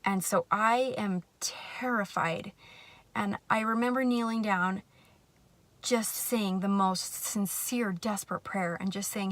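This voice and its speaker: A woman telling a personal faith story to camera, earnest and reflective, sometimes soft and hushed. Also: medium pitch, fairly even intonation, slow pace. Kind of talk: personal testimony.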